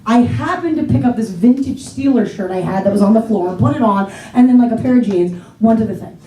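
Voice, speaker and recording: A woman comic from the Pittsburgh area with a high, mellow voice tells chatty, self-deprecating stories. The sound is roomy and comes from some distance off, as if taped in a comedy theater. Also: a little fast. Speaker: stand-up comedian. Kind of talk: stand-up comedy set.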